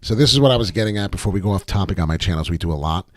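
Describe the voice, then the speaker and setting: Man, live chart-analysis stream host, brash and profane, low voice that swings widely, dry close sound. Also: racing, dry recording. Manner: brash, profane, excitable, rambling. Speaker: crypto trading livestream host.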